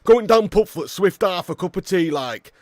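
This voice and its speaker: A man's voice: high voice, animated, moderate pace, darkish tone, dry recording, clean studio sound, voice pushed up. A man putting on a broad pub bloke. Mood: jolly. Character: hearty exaggerated Yorkshire pub-going man.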